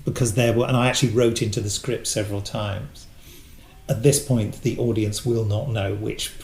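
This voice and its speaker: A man's voice: on the low side, normal speed. A man guesting on a podcast, chatting casually and telling anecdotes, often putting on the voices of people he quotes. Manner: chatty anecdotes, animated quoting of others. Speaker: guest, voice actor. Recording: echoey room.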